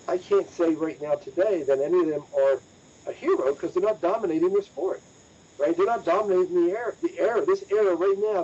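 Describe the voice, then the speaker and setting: A man with a fairly high, dark voice hosts a motorsports news podcast, talking casually and emphatically and repeating points for stress. The audio is dull and lo-fi.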